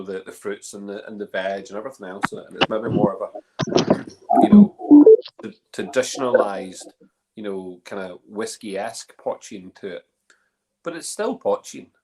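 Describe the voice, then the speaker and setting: Chatty man, low voice. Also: darkish tone. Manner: chatty, many restarts and fillers. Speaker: host. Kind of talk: casual online chat. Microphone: online call.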